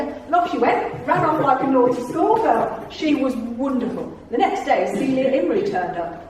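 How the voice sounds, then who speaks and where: A woman's voice: high voice, lively intonation, normal speed, a little mellow, slight background noise. A middle-aged woman telling funny stories to a club audience and acting out the dialogue in them. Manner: chatty storyteller, acts out the dialogue in her tales. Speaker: after-dinner speaker. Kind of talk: anecdotal talk to a club audience. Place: function room. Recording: very echoey room, speaker far from the mic.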